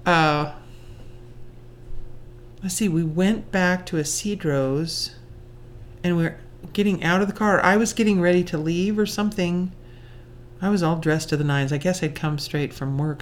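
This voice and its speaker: A woman's voice: low voice, slight background noise. A woman telling a personal story in a chatty, self-mocking way, often laughing and acting out what people said. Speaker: storyteller recalling her courtship.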